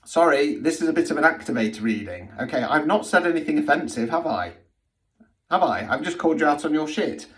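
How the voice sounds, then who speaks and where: A middle-aged man speaks directly to the camera in a blunt, profanity-laced monologue on spiritual healing, tagging his points with "okay?" again and again. His fairly high voice is expressive and fairly quick, and he sits far from the mic, so the sound is roomy.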